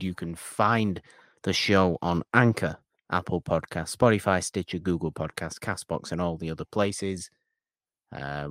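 A man's voice: low voice, no echo, clean studio sound. A man hosting a podcast in casual chat, rattling off plugs and teasing his co-host.

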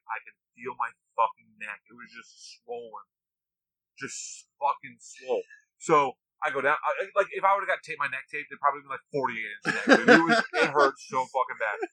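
A young man telling stories in casual chat, profane and animated, acting out the voices of the people he quotes. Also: mid-range voice, no room sound, poor audio.

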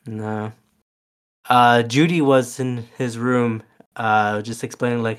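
A man's voice: medium pitch, steady tone, takes it slowly, clean tone. Easygoing young-sounding man recapping a movie. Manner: rambling, many fillers and restarts, laughs often. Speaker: podcast co-host. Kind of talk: casual movie rewatch chat.

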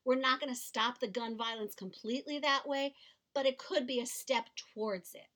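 A middle-aged woman co-hosting a podcast, speaking earnestly and warmly about a serious topic, often repeating words as she goes. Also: a little high, fairly even intonation, moderate pace. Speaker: podcast co-host.

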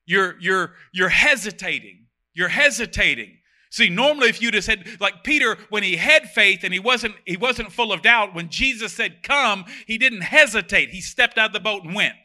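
Bright, high-voiced man preaching. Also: normal speed, few pauses. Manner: animated, reads verses then comments with jokes. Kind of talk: sermon with scripture reading.

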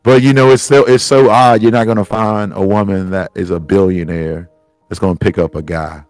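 A man's voice: low-pitched, fairly even intonation, moderate pace, darkish tone, no echo, faint music behind. A man hosting a solo podcast, thinking aloud in a rambling, profane, heartfelt way. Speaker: podcast host. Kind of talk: solo reflective monologue.

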